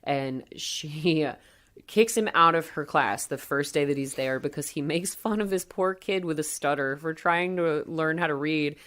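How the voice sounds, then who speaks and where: Woman co-host, low voice, chatty, laughs a lot. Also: normal speed, a bit bright. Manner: chatty, laughs often, recaps scenes playfully. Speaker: podcast co-host. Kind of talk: casual chat.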